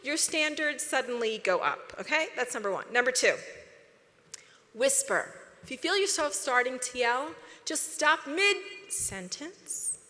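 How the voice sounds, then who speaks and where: Middle-aged woman speaker, lively and direct, fairly high voice, reverberant hall. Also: measured pace. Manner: lively, direct, drops to a whisper. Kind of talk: motivational talk to an audience. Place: large convention hall.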